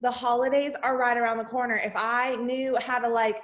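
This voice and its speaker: A woman's voice: fairly high pitch, fairly quick. A woman hosting a motivational team call from home on a laptop, talking emphatically and calling her listeners "y'all". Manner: energetic, emphatic, Southern-style "y'all" address. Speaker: host of a team video call. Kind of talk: motivational pep talk. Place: home, indoors. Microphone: laptop video call.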